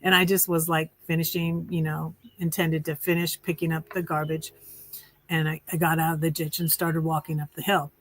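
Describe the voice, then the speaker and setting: A woman's voice: deep voice, level tone, normal speed, poor audio. Rambling, sarcastic woman telling a story. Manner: rambling, restarts often, with many fillers; wry and sarcastic. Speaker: vlogger. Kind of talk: casual storytelling chat. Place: her tiny house.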